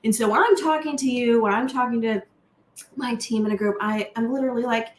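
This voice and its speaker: Chatty woman with a higher voice. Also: brisk. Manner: chatty, warm-hearted, frequent fillers. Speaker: team leader giving a talk. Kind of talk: casual unscripted talk to camera. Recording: echoey room.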